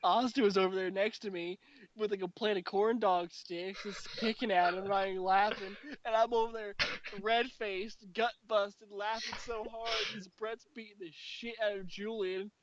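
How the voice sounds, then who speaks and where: A young man hosting a casual podcast, telling profane, animated stories about friends. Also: sits high, moderate pace, dull audio. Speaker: podcast host. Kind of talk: casual chat.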